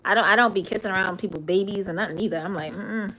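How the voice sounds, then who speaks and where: A woman's voice: medium pitch, fast, heavy background noise. A young woman hosting a casual live stream, answering viewer comments with frequent giggles and stumbles over her words. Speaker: livestream host.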